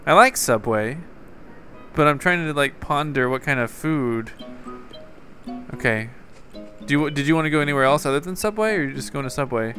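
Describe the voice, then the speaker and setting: A man's voice: a little high, expressive, normal speed, long pauses, faint music behind. A man giving casual, chatty gameplay commentary, talking to himself and to someone off-mic, and now and then calling out a name. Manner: repeatedly shouts a name into the game mic. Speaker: gaming YouTuber.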